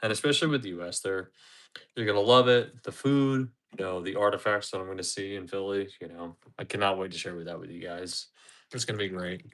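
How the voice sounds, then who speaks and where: A man with a Philadelphia accent, in his thirties, talks to his live chat in a loose, rambling way, repeating himself and laughing often. His voice sits fairly low but has a bright, forceful edge. He is recorded on a phone outdoors in a parking lot. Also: fairly even intonation, a little fast. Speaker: livestream host. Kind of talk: casual livestream chat.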